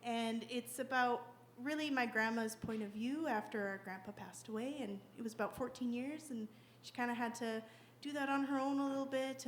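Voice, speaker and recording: A woman's voice: a little high, a little hiss or hum. A woman singer-songwriter introducing her song from the stage in an earnest, chatty way. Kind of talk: stage banter before a song. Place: live concert venue, on stage.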